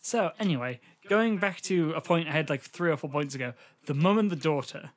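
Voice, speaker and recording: A man's voice: a little high, expressive. A young man, co-hosting a casual, joking movie review chat. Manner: joking, playful, quick asides. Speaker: podcast co-host.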